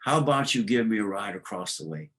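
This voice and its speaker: A man's voice: on the low side, animated, fast, a bit bright. A man doing a sly, coaxing scorpion. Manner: coaxing, persuasive.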